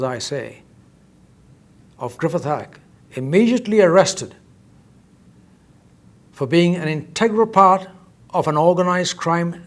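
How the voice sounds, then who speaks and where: Guy with a slightly high voice laying out accusations at a press conference, keeps repeating himself for emphasis. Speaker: inventor speaking at a press conference.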